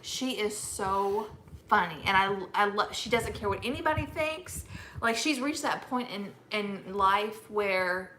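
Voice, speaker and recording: A woman co-host chatting casually at home, her voice bright and forceful as she tells animated, laughing stories. A faint hiss of noise sits under the recording. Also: medium pitch, measured pace. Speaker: homestead channel co-host. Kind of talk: casual chat.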